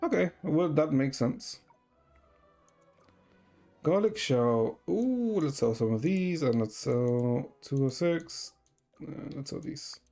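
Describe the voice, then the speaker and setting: Chatty male streamer over quiet music. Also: fairly high pitch, lively intonation, slow pace, long pauses. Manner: chatty, reacts to chat while playing. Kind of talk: casual gaming stream chat.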